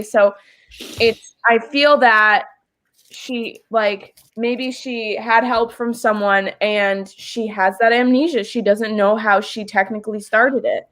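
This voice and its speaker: A woman with a slightly high voice joins a casual group chat. She speaks emphatically and gives strong opinions. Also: steady tone, slow, a bit bright.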